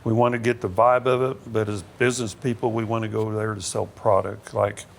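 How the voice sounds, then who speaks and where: A man with a low, gravelly voice talks casually as a podcast guest, easygoing and quick to agree. Faint background noise hangs in the room. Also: little pitch movement. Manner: easygoing, agreeable, frequent "yeah". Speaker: guest, motorcycle parts business owner. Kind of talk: casual interview chat.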